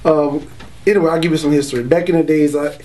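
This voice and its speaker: A man's voice: a little high, fairly even intonation, quick pace, a little mellow. Man, casual and streetwise. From Florida, US. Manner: streetwise slang, frequent "you know" and "y'all". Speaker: man giving a religious testimony. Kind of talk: casual spoken testimony.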